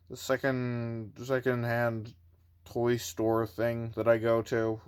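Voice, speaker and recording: Slow, smooth-voiced man reviewing toys. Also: mid-range voice. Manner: rambling, hesitant, with many fillers and restarts. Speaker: toy collector reviewer. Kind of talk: casual unboxing review.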